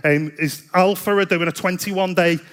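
A man's voice: high voice, fairly even intonation, moderate pace, a bit bright. A man preaching a sermon in a chatty, self-deprecating storytelling way. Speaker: pastor.

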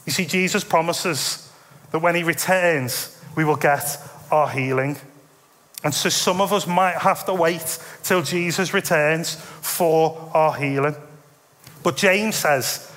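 A preacher in his thirties talks through his sermon in a casual, self-deprecating way. His voice sits a little high for a man. A long reverb from the big hall trails behind every phrase. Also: slow pace. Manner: conversational, self-deprecating, animated asides.

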